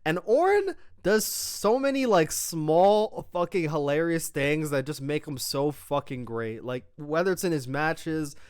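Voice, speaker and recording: A young man rattles off a wrestling recap in a loose, profane, excited way. His voice sits a little high and comes through clear and smooth. The sound is dry, close to the mic. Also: unhurried, hardly any pauses, no echo. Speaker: wrestling show reviewer. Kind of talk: casual recap of a wrestling show.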